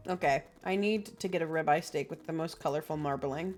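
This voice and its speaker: A young woman streaming a video game, talking in quiet, mumbled asides. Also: deep voice, fairly quick, few pauses. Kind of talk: casual game stream chat.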